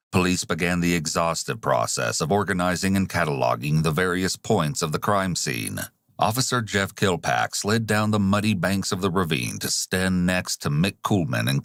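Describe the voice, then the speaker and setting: A low-voiced man narrates a true-crime case in a measured, scripted way. The sound is dry and close, with no room around it. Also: fairly bright tone, no echo.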